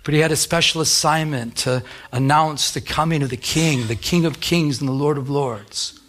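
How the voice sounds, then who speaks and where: A middle-aged pastor preaches with a slightly high voice. He tells stories in a loose, animated way and often restarts his sentences. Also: normal speed. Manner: conversational, animated storytelling with many restarts. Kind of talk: sermon with personal story.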